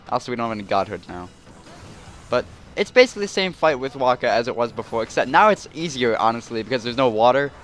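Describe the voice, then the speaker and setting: A man's voice: mid-range voice, a bit bright. Let's play host, male, rambling casual commentary, self-deprecating.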